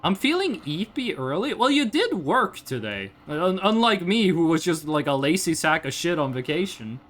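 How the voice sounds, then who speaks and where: Lively woman streamer. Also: fairly low pitch, normal speed. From Norway. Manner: animated, blunt, swears freely, laughs often. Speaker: VTuber streamer. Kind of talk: casual live-stream chat, reading chat.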